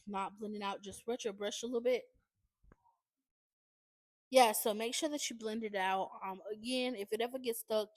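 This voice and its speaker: A chatty woman doing a casual makeup tutorial, her voice sitting fairly high. She keeps checking in with viewers, tossing in y'all and okay. The sound is close and dry, with no room behind it. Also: no room sound. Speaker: beauty vlogger.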